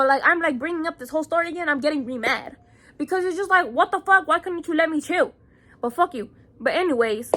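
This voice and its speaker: A woman's voice: high-pitched, bright, forceful tone. A young woman with a Chicago accent telling a heated, profane storytime vlog, packed with "like" fillers. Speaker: vlogger.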